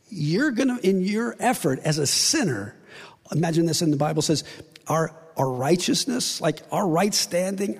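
A man's voice: a little high, creaky, darkish tone, husky. A man preaching a sermon, acting out the voices of God and his listeners. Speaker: pastor. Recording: long reverb of a large hall.

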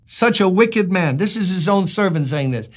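A man's voice: sits high, expressive, moderate pace. A male pastor preaching a sermon in an emphatic, conversational way, asking his listeners rhetorical questions.

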